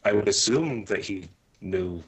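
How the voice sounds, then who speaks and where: A man's voice: fairly low pitch, animated, unhurried, husky. A man co-hosting a casual film review podcast, wry and sarcastic, often restarting his sentences. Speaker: podcast co-host. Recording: dull lo-fi mic.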